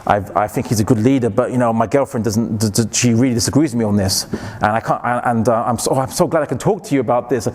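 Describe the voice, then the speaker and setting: A man quoting a grown Englishman who confides his grievances in a hesitant way, lower than his own lecturing voice. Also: fast, darkish tone, natural voice. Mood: confiding.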